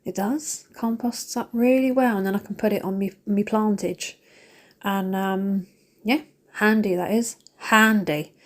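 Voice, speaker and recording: A woman's voice: medium pitch, steady tone, unhurried. A British woman chatting casually to her viewers while she cleans. She rambles and talks straight to camera, and she is emotional and pokes fun at herself. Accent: British English. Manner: emotional, self-mocking. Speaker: cleaning vlogger.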